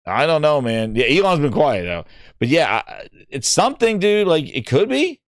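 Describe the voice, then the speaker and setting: A man's voice: a little high, very animated, moderate pace, no room sound, clean studio sound. A man hosting a gaming podcast, talking in a rambling, casual way with lots of fillers and restarts. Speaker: podcast host.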